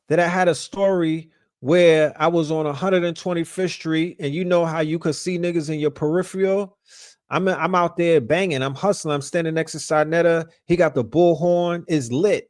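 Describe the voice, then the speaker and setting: Brooklyn host, New York accent, raised pitch, dry close sound; swears freely and stumbles through restarts while telling stories. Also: male voice, no echo. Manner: profane, animated, repeats and restarts words. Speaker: podcast host. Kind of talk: casual storytelling.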